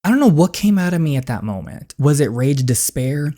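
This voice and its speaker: A player reads a resentful teenage girl from a story game. She is bitter and defiant, her voice dark and mellow. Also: mid-range voice, big pitch swings, fairly quick. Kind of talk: reading a story game aloud.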